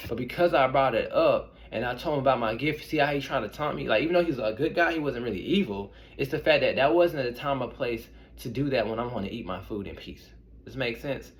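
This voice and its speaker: Rambling young man telling stories. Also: mid-range voice. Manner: rambling, conversational, addresses viewers as y'all. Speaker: intuitive reader and medium. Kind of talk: casual storytelling to camera.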